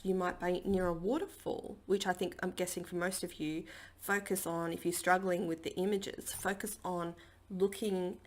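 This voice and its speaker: A woman's voice: medium pitch, creaky. A woman giving a casual spiritual healing talk from her dining table at home, chatty and rambling with lots of fillers. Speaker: spiritual healer and channelling teacher.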